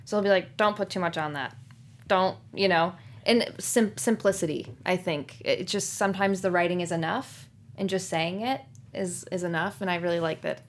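Bubbly young woman telling stories. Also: on the low side. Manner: bubbly, laughing, quick animated storytelling. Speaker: sitcom actress guest. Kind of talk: casual interview chat.

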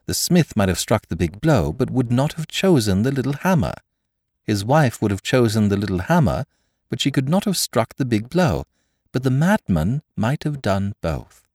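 Man doing a high, shaky curate, feverish and trembling, lively swings in pitch. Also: normal speed, dry recording, studio quality. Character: excitable nervous young male curate.

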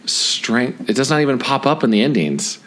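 A man co-hosting a podcast in casual chat, excitable and rambling with many restarts. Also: medium pitch, moderate pace. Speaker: podcast co-host.

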